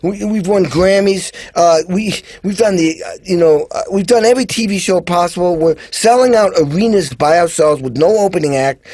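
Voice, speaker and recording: A man's voice: high-pitched, a little fast, few pauses, darkish tone, dry recording. A man as a guest drummer, telling stories in casual chat and animatedly acting out the voices of people he quotes. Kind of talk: casual storytelling.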